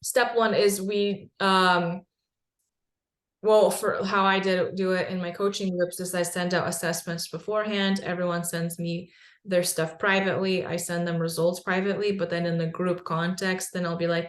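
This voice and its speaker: A woman's voice: fairly low pitch, flat delivery, moderate pace. A woman host and coach who asks questions in a conversational, encouraging way, in a roomy, echoey recording. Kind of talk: conversational interview. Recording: roomy echo.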